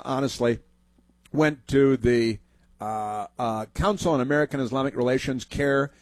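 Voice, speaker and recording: A man's voice: medium pitch, a little mellow, no echo. A man hosting a political talk radio show, mocking and rambling with lots of fillers.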